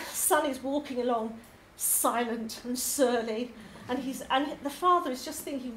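A woman's voice: high voice, a little slow, hardly any pauses, pushed and bright. Woman, English, poetry tutor, chatty, lots of ums, echoey room. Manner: enthusiastic, chatty with frequent ums. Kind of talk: course presentation to a group. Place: labour club hall. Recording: echoey hall, faint noise.

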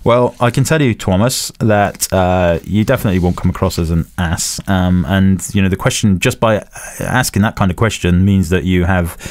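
A man co-hosting a casual podcast, with a somewhat low voice and a playful, laughing delivery. His voice sounds close and dry, with no room around it. He reads listener questions aloud between jokes. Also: normal speed, hardly any pauses, darkish tone, dry recording. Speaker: podcast co-host.

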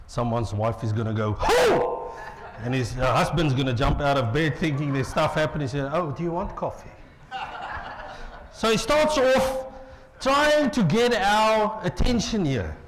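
A middle-aged man with a South African accent preaching a lively sermon in a church, joking with the congregation. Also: medium pitch, moderate pace, noisy background. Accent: South African English. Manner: playful, jokes with the congregation. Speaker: pastor.

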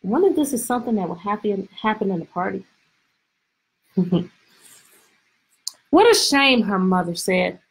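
A woman teacher reading a picture book aloud to her class over a video call, expressive and full of questions. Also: mid-range voice, brisk, vocal fry, long pauses, slightly rough, low-quality recording. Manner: lively, expressive, stretches words, asks questions. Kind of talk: storybook read-aloud lesson.

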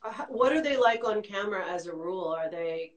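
A woman's voice: mid-range voice, animated, fairly quick. A woman hosting a casual interview, chatty, reading out listener questions. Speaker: interview host. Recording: roomy echo.

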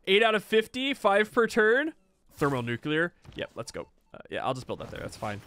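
A man giving casual, excitable commentary while playing a video game, exclaiming and laughing at what happens. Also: high voice, moderate pace.

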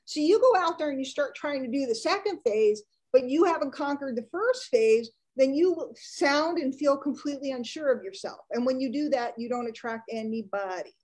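A woman business coach, giving a chatty, animated live online training. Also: high voice, moderate pace, hardly any pauses, rough recording.

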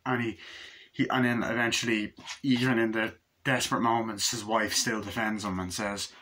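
A man's voice: fairly low pitch, little pitch movement, sharp tone. Profane rambling man reviewing a film. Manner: profane, rambling, retells scenes with quick quoted lines. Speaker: movie reviewer. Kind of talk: casual spoken film review.

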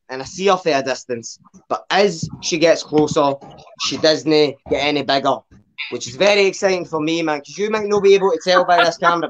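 A man's voice: fairly high pitch, a bit bright, a little hiss or hum. A young Glaswegian man doing a rambling, sweary stand-up set at an online open mic, tagging lines with "man". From Scotland. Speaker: stand-up comedian.

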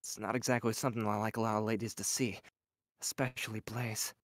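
A man playing a scarred young male gunslinger who speaks low and subdued, trailing off at the ends of his lines. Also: little pitch movement, fairly quick, dry recording, clean studio sound, lightly acted. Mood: wistful.

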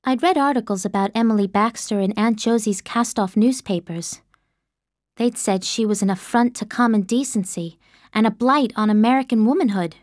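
A woman narrating a story in the first person in an earnest, expressive way, on a close studio mic. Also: on the high side, no room sound. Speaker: audiobook narrator.

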